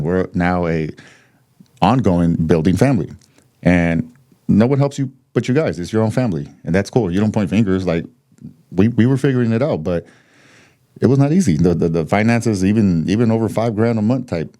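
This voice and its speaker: Low and warm, the voice belongs to a man in his thirties from the U.S. who is guesting on a podcast. He recounts his story with blunt candor, cursing freely and laughing between points.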